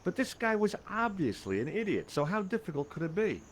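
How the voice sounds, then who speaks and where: Game casting: deadpan, sarcastic hero, lively pitch, light ambience behind. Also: male voice, a little fast, slight background noise. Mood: wry. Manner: dry, sarcastic narration. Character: wry, sardonic male adventurer narrating.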